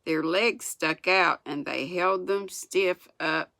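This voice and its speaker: A woman in her sixties from the United States, reading a children's book aloud in an unhurried way. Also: fairly low pitch, vocal fry, bright, forceful tone, no room sound. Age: 60s. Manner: unhurried, chuckles at the story. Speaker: storyteller.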